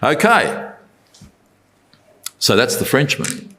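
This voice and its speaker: A man delivering a Bible talk at a middle pitch. He speaks conversationally and often puts rhetorical questions to his listeners. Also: sing-song, takes it slowly, pushed and bright.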